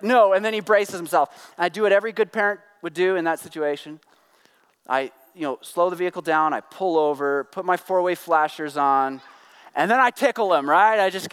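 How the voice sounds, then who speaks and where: A man's voice: high voice, fairly bright tone, clean tone. A middle-aged man preaching a sermon to a congregation, conversational and joking, acting out the voices he quotes. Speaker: pastor. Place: church hall with congregation. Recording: long hall reverb.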